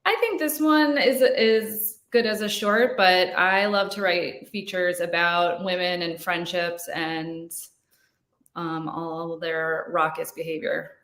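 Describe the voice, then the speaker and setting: A woman filmmaker answering interview questions about her short film in a relaxed, talkative way. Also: lowish voice, slow, reverberant. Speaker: filmmaker guest.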